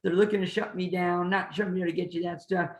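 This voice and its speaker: A man's voice: sits high, little pitch movement, fast talker, reverberant, pitched above the performer's own voice. A man voicing a shady small-time businessman who keeps brushing off worries with breezy, overly reassuring talk. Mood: evasive.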